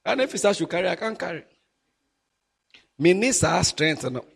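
A middle-aged man with a Ghanaian accent, preaching a sermon as a pastor, animated and mixing English with Twi. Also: high-pitched, normal speed, gravelly, slightly rough.

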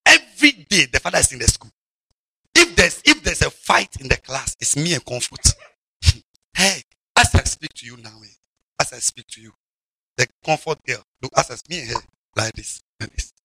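A man preaching a lively, mocking sermon to children, shouting and drawling words for emphasis. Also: fairly high pitch, moderate pace, gravelly, breathy edge, dry recording.

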